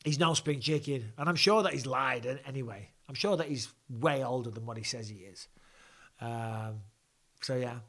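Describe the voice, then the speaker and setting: A man with a medium-pitched, slightly bright voice hosts a live fan Q&A, reacting to things and chatting informally at a moderate pace. A blocked nose colors his speech, which wanders through restarts and asides.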